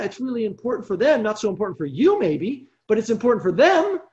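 Animated Bible study leader, lo-fi sound. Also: medium pitch, fast, few pauses. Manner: animated storytelling with frequent check-ins. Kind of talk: evening online Bible study.

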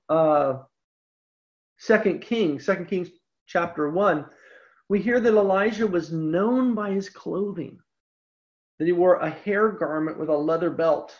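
Scripture lecturer, emphatic and lively, dull low-fidelity recording. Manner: animated, emphatic, slows down on key points. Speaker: Bible teacher.

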